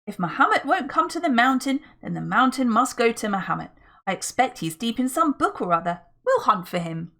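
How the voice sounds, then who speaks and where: A woman's voice: a little high, very animated, a little fast, sharp tone, pitched above the performer's own voice, full character voice. Julian, a woman reading a sensible eldest boy. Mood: earnest.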